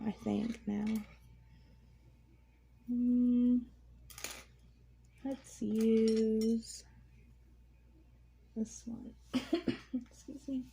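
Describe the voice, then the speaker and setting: Dark-voiced woman chatting with a creaky edge. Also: a little high, slight background noise. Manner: relaxed, rambling storytelling with many fillers. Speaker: vlogger painting while chatting. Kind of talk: casual chat. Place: at home, indoors.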